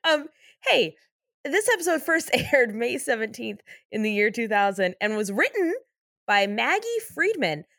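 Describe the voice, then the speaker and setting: A woman's voice: on the high side, very animated, measured pace, vocal fry, a bit bright, dry recording, clean studio sound. A woman co-hosting a podcast who reads out episode facts in casual chat and giggles often. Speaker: podcast co-host.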